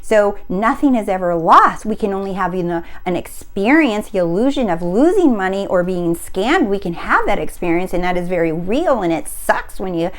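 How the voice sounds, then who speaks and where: A woman's voice: mid-range voice, lively intonation, moderate pace, few pauses. A woman coaching on spiritual wealth, speaking in an earnest, emphatic way and often asking if listeners see her point. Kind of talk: spiritual teaching talk.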